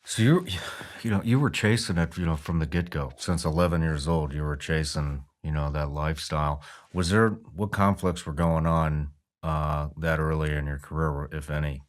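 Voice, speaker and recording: Man, interviewer, very deep voice, halting, prompting questions.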